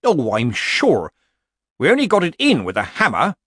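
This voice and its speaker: A man voicing a gloomy, sardonic village woman who speaks darkly and deadpan. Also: fairly high pitch, normal speed, breathy edge, no echo, clean studio sound, voice pushed up, heavily acted. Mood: dour. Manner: dark, deadpan.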